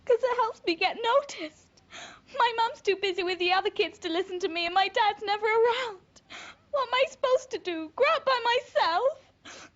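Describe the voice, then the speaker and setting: A woman's voice: high voice, very animated, moderate pace. A lonely teenage girl. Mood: upset. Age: teens. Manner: coy, then hurt. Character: teenage girl, the daughter of a worker, lonely and attention-seeking. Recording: muffled old TV soundtrack with faint hiss.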